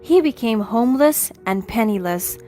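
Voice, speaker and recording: A woman's voice: a little high, lively intonation, moderate pace, mellow, soft background music. Woman narrating a first-person revenge story.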